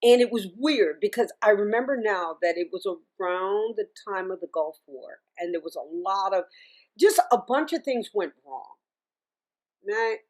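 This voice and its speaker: A middle-aged woman chats as an interview guest, spinning a long story with lively ups and downs in pitch. She restarts her sentences and breaks into laughs, sounding relaxed and talkative. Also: measured pace. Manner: chatty and animated, laughs often, restarts sentences. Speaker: singer and music teacher, interview guest.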